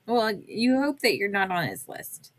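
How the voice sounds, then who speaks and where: A woman's voice: medium pitch, huge pitch swings, moderate pace. A woman co-hosting a podcast in casual chat, playful and teasing. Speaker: podcast co-host.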